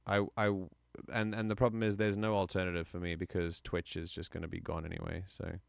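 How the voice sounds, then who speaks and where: A man's voice: low voice, steady tone, brisk, creaky, a bit bright, no room sound, clean studio sound. A man streaming live, chatting casually and enthusiastically, often rambling and correcting himself mid-sentence.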